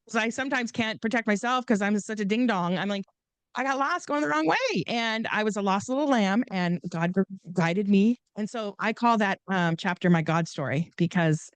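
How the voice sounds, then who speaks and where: A woman's voice: medium pitch, animated, normal speed, smooth, dry recording. A woman guest telling stories in a chatty, rambling way, laughing often and restarting her sentences. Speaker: podcast guest and author. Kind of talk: casual storytelling interview.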